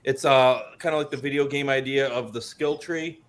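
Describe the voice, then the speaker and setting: A man's voice: mid-range voice, steady tone, moderate pace. A man who created a tabletop game explains it at a convention panel, talkative and full of restarts, with a recurring cough. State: coughing, slightly choked up. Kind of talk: casual convention panel chat.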